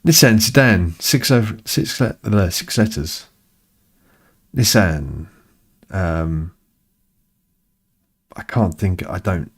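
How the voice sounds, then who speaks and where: A middle-aged man from the United Kingdom chats casually while streaming a game, rambling and swearing in mock exasperation. His voice is low-pitched and husky.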